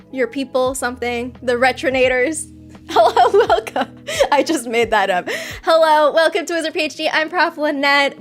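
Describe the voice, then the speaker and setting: A young woman hosting a casual livestream chat, excitable and quick to burst into squeals and laughter. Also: high-pitched. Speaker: livestream host.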